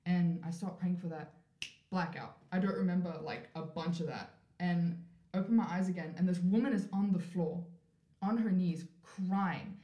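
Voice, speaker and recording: Lower-voiced woman telling a story, roomy sound. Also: normal speed, highs cut off. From South Africa. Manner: animated, acts out quoted voices, frequent "like" fillers. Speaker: podcast guest. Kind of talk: storytelling in a casual interview. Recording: roomy echoey room.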